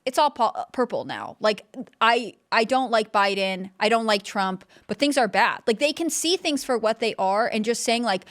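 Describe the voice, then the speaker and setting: A woman's voice: a little high, animated, normal speed. A woman co-hosting a political talk show, talking thoughtfully in a conversational way with many fillers. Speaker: co-host.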